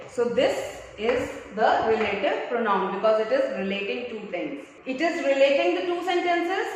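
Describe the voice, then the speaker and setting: A woman's voice: sits high, a little hiss or hum. A woman teacher with an Indian accent explaining grammar, switching between English and Hindi. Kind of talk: grammar lesson. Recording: echoey room with long reverb.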